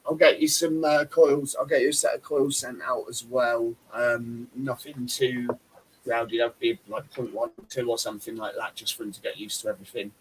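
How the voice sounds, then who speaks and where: A man co-hosts a casual live show, animated and teasing. His voice sits in a middle range, with faint noise in the background. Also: medium pitch, moderate pace, low-quality recording. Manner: animated, teasing, talks about accents. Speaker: podcast co-host. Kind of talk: casual live-stream banter.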